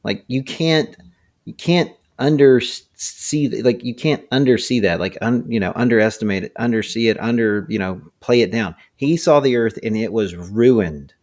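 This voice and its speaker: A man's voice: medium pitch, moderate pace, a little mellow. A man co-hosting a casual faith podcast, talking thoughtfully and feeling around for the right word. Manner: thoughtful, searches for words. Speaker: podcast co-host.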